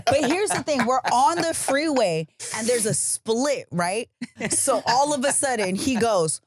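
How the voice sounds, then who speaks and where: A woman on a podcast, telling a story in lively casual chat. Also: fairly high pitch, moderate pace, no echo, studio quality. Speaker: podcast guest.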